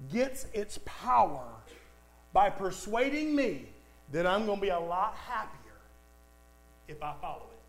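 A man's voice: high-pitched, a bit bright, rough recording. A man preaching a sermon, emphatic, repeating lines for stress and speaking straight to the congregation. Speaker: pastor.

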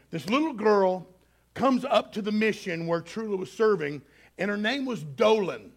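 A man preaching a sermon, telling stories dramatically and swinging between loud and hushed delivery. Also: high-pitched, creaky. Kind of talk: sermon storytelling.

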